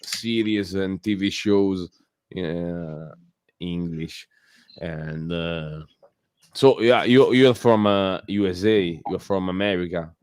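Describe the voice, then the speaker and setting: A man's voice: deep voice, slow pace, a little mellow, smooth, no echo. A man from Italy speaking English with an Italian accent, chatting casually on a stream with many fillers and restarts. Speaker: guest caller on a community stream. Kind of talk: casual chat.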